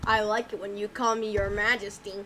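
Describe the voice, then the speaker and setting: A woman's voice: medium pitch, level tone, fairly quick, very noisy. A young woman streamer chatting casually, playful and mock-bossy, swearing and hurling silly insults. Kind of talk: casual chat. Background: music.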